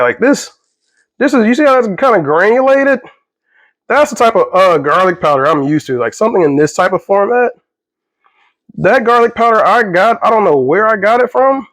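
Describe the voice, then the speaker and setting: A man's voice: high voice, fairly bright tone, no echo. A young man in his kitchen, chatting casually and rambling with jokes as he cooks. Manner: rambling, jokey, easily sidetracked. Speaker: vlogger. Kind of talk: casual cooking vlog. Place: home kitchen.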